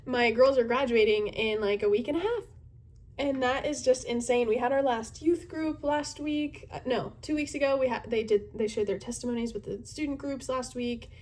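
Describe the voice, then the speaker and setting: A woman in her twenties talks casually to camera about her life, earnest and reflective, often reaching for words with fillers along the way. Her voice sits a little higher than most women's. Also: moderate pace, a little mellow. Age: 20s. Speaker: youth group leader.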